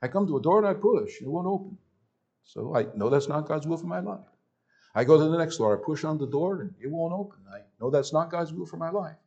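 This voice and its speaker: A man imitating a preacher with a Lebanese accent, telling a story in slow, repetitive steps. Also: fairly high pitch, animated, vocal fry, a little mellow, husky, highs cut off, voice pushed up, heavily acted. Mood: earnest. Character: accented foreign male preacher, earnest and plodding.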